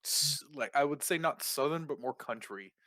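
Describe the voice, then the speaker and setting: A man narrating as game master for a tabletop game, playful and teasing, often restarting his sentences. His voice sits in a middle pitch. The sound is dry, with no room echo. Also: lively intonation, moderate pace, pushed and bright.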